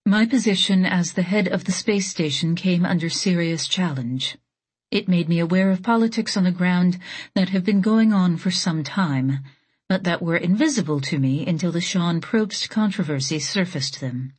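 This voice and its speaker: A woman voicing a weary, guarded female space station leader in an audiobook, speaking in a flat, subdued way. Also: fairly low pitch, moderate pace, breathy edge. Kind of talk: audiobook character voice.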